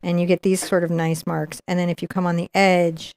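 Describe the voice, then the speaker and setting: A woman's voice: on the low side, flat delivery, fairly quick, darkish tone. A middle-aged woman teaching acrylic painting live, chatting and explaining each brush move as she paints. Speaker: painting instructor.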